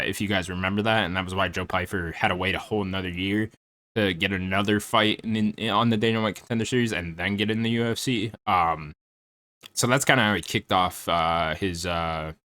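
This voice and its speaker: A young man rambles through a casual fight preview, full of "uh"s and the odd curse word. His voice sits low but has a crisp, forceful edge. The sound is dry and close, with no room around it. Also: no echo. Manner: laid-back, rambling, lots of fillers and mild swearing. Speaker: MMA commentary YouTuber.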